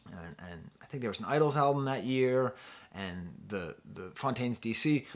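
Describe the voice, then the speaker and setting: A middle-aged man from the States hosts a casual music review, thinking aloud as he goes. He rambles and pokes fun at himself, often stopping and restarting a sentence. His voice sits at an ordinary middle pitch. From United States. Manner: rambling, chatty, self-deprecating with frequent restarts. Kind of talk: casual talking-head review.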